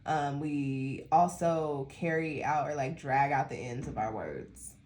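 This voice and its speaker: Sleepy chatty Colorado woman, low voice. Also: slow pace, darkish tone, slight background noise. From Denver, Colorado. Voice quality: slight lisp when tired. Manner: rambling, chatty, laughs often. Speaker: tarot reader. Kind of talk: casual monthly tarot reading.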